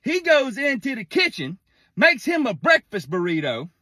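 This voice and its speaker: A man's voice: extremely high pitch, wildly swooping pitch, moderate pace, pushed and bright, no room sound, studio quality. A middle-aged man, telling a profane, folksy comic story in a casual monologue.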